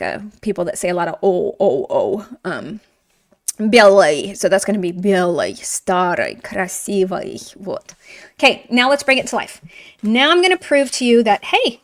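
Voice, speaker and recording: A woman teaching a grammar lesson in a lively, chatty way, with playful asides and frequent teacherly check-ins. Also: mid-range voice. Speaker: Russian language teacher.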